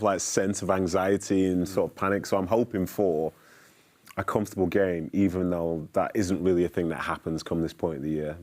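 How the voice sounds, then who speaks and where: A man talking as a football pundit on a matchday show. His voice is very low and he talks fast. He sounds chatty and thoughtful, with a teasing edge. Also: a little mellow. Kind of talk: casual pundit chat.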